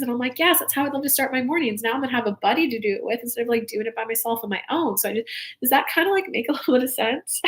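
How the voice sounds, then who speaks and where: A woman's voice: on the high side, expressive, rapid-fire. A young adult woman hosting a live spiritual talk show, speaking casually and from the heart, rambling with lots of "like".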